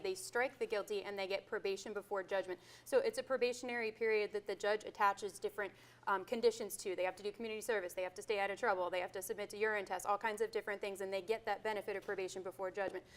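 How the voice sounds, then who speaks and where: Woman, lawyer, fast clear explainer, courtroom setting. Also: mid-range voice. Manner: brisk and clear. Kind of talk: explaining legal terms.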